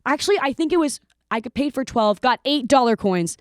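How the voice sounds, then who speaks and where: A young woman co-hosting a podcast, telling a story in a casual, animated way and slipping into silly voices now and then. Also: sits high, fairly quick, no room sound, studio quality. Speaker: podcast co-host.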